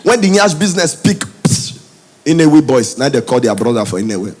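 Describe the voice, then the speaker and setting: Animated Nigerian stand-up comedian. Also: male voice, mid-range voice, a little fast. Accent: Nigerian Pidgin English. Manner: animated storytelling, mixing Pidgin and English. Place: comedy stage before a live audience.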